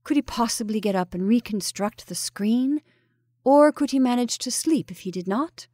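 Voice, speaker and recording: A woman storyteller reading a ghost story aloud with measured, even narration. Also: a little high, dry recording.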